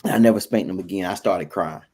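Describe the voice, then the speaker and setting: A man on a talk show, casually telling a family story with animated laughter. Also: low-pitched, fairly quick, husky.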